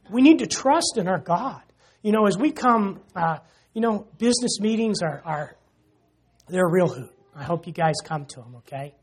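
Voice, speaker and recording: A man with a high, husky voice preaches a church sermon in a conversational style. He jokes with the congregation and often drops in "you know".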